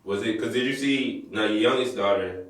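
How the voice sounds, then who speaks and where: A man co-hosting a casual podcast about fatherhood, talking in a relaxed, slangy way with loose run-on thoughts. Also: on the low side, normal speed. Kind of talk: casual chat. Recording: very echoey room, distant mic.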